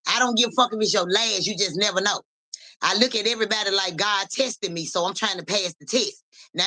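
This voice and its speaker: A woman spins a long story for her live-stream viewers. Her voice is bright and forward, her delivery animated and salty, and she talks into a phone. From Memphis area, USA. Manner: animated, profane, keeps saying "so boom".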